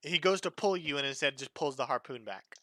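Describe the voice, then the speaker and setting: A man's voice: on the high side, fairly quick, fairly bright tone, dry recording. A man acting as dungeon master, casually narrating a tabletop game with plenty of fillers.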